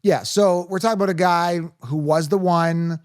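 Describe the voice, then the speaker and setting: A man hosting a casual sports podcast, energetic and hype-driven, laughing often. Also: high voice, normal speed, clean tone, no echo, clean studio sound. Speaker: podcast host.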